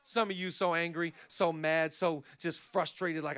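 A man preaching a sermon as pastor, talking casually and then building to shouted lines. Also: brisk, hardly any pauses. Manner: acts out quoted voices with sudden pitch jumps.

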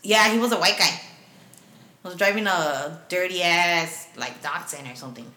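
A woman's voice: lowish voice, normal speed, bright, forceful tone. A woman casually telling a story in a profane, laughing way, slipping in Spanish phrases. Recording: roomy echo.

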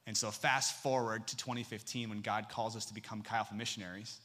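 A young adult man, a campus missionary, preaching a sermon full of stories and acting out dialogue with sudden pitch jumps. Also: flat delivery, a little fast, pushed and bright.

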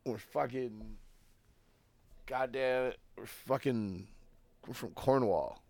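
A man's voice: mid-range voice, slow pace, creaky, a little mellow, no echo, clean studio sound. A man co-hosting a podcast in casual chat, telling laid-back stories with plenty of swearing.

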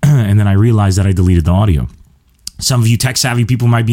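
A man's voice: on the low side, quick pace, warm tone. A man hosting his comedy podcast, talking straight to listeners in a rambling, self-mocking, chatty way. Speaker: podcast host. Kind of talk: casual comedic monologue.

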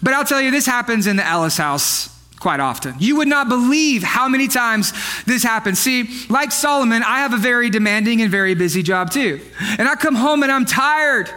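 A young man preaching a comedic sermon to a live church congregation, animated and joking, with playful asides to the crowd. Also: extremely high pitch, moderate pace. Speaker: pastor. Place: church sanctuary with live audience.

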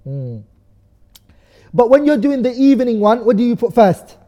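A man's voice: very high-pitched, very animated, moderate pace, warm tone, highs cut off. A man teaching a lesson. He asks the class questions, answers them himself, and recites set phrases as he goes. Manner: recites phrases in another language. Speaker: teacher of a study course. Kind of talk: classroom lesson explaining texts. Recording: long reverb of a large hall.

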